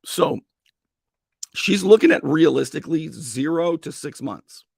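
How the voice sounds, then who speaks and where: A male talk radio host with a strained, gravelly voice, giving an opinionated monologue and acting out mock dialogue. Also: a little slow, dry recording, clean studio sound. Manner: animated, acts out mock dialogue with sudden high-pitched bursts. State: strained voice after a long day.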